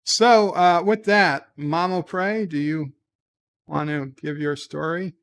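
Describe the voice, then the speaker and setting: A man's voice: a little high, slow, fairly bright tone, clean tone. A man hosting a livestream from home, reading viewer comments and answering in a joking, offhand way. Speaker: livestream host.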